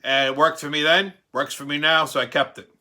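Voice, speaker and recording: A man quoting a wealthy older businessman, calm, dry and self-assured. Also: a little high, brisk.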